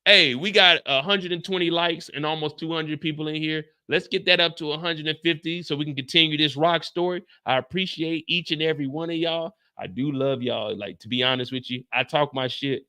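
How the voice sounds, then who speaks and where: A man hosting a live reaction stream, recapping a TV show in an animated, profane, ranting way. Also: a little high, brisk, few pauses, clean tone.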